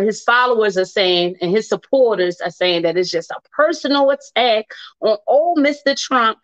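A woman hosting a talk radio show, chatty and emphatic, who repeats her points and laughs between lines. Her voice is mid-pitched and comes across dry and a little dull, as on online radio. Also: no room sound. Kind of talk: casual talk radio monologue.

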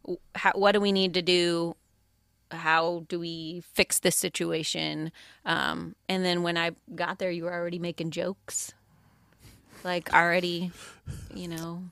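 This is a woman with a fairly low voice for a woman, talking through a personal story in a relaxed podcast chat. She is candid, laughs easily, and sounds close-miked and dry. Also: unhurried, creaky, clean tone, dry recording. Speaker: podcast guest, spouse of a first responder. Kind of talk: casual interview chat.

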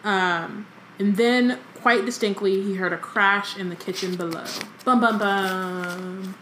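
A woman's voice: medium pitch, unhurried, a bit bright, a little hiss or hum. A young woman co-hosting a casual book podcast, reading a novel aloud and breaking off into joking commentary with plenty of ums. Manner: chatty, reads then breaks off into joking commentary with many ums.

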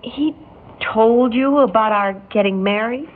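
An actress playing a quiet, weary young mother who speaks softly and hesitantly in an old radio drama. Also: a little high, a little slow, natural voice. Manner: soft-spoken, hesitant. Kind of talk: 1950s radio drama acting. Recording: tinny old radio broadcast with faint hiss.

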